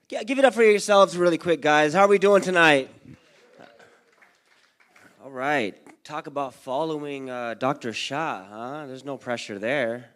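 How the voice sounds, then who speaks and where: A young man performing a stand-up comedy set for a live audience at a community event, doing lively crowd work and acting out his parents and friends. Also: fairly high pitch, measured pace.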